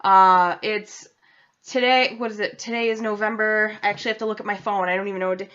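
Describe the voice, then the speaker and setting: A woman's voice: medium pitch, fairly even intonation, fast, fairly bright tone. A young woman from New England chatting casually to her vlog audience, rambling and interrupting herself. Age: young adult. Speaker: vlogger. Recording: dull lo-fi home recording.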